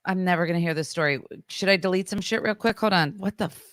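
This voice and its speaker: A woman co-hosting a podcast who teases her friend and reacts with quick interjections. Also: on the low side, fairly bright tone, dry recording, studio quality. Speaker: podcast co-host. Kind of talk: casual chat.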